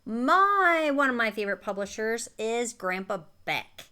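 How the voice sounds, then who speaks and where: A woman co-hosting a casual chat, animated and given to playful exclamations. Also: a little high, measured pace, smooth. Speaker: co-host.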